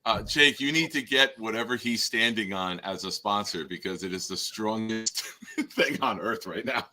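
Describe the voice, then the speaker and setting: A man's voice: on the low side, normal speed, pushed and bright. A man co-hosting a sports talk show, chatting casually and ribbing a caller. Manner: ribbing, teasing banter.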